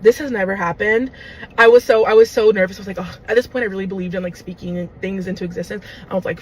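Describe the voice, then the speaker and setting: A young woman telling a story in casual style, animated and dramatic, full of fillers. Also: medium pitch, fast, slight background noise, low-quality recording. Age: young adult. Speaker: storyteller in a clip.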